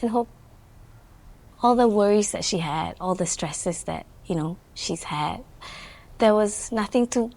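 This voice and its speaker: A woman's voice: mid-range voice, measured pace, pauses often, darkish tone. Earnest Malaysian woman interviewee. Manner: earnest, mixing English with Malay fillers, frequent "you know". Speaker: entrepreneur and guest. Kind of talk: reflective interview chat.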